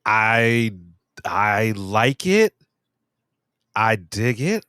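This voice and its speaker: A man's voice: on the low side, big pitch swings, drawn-out words, bright, forceful tone, smooth, dry recording, clean studio sound. A man co-hosting a film podcast in casual chat, easygoing, often restarting and repeating words. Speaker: podcast co-host.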